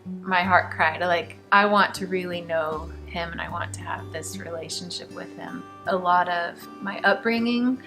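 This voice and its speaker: A middle-aged woman earnestly telling her personal faith testimony, emotional at times and laughing softly between thoughts. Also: lowish voice. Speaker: guest sharing a faith testimony. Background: background music.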